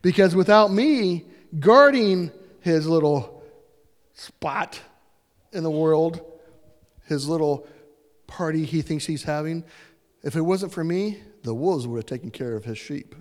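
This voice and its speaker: A man's voice: a little high, measured pace, big-room sound, natural voice. A man voicing a confident young warrior king who talks in a casual, slangy way. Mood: rallying.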